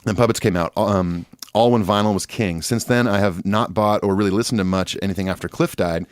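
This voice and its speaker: A man's voice: fairly low pitch, steady tone, a little fast, clear, resonant tone, no room sound, studio quality. A man co-hosting a podcast in casual chat, reading listener emails in a laid-back, rambling way and laughing often. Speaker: podcast co-host. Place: Nashville.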